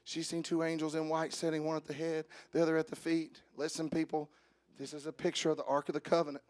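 A fairly high-pitched man preaches on Easter with a flat delivery, quietly joking with his congregation at first and eventually building to loud, drawn-out preaching.

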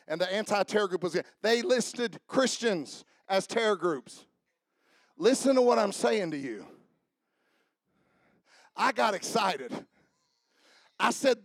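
A man preaching a sermon, swinging from shouted fiery passages to quiet asides. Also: high-pitched, gravelly, no echo, clean studio sound. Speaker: pastor.

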